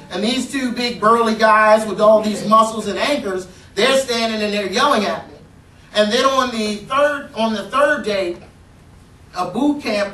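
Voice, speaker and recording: A man giving a motivational keynote talk, telling a story and acting out shouted dialogue with lively energy. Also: high-pitched, slight background noise. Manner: animated, acts out shouted dialogue. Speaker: motivational speaker. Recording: roomy, distant hall recording.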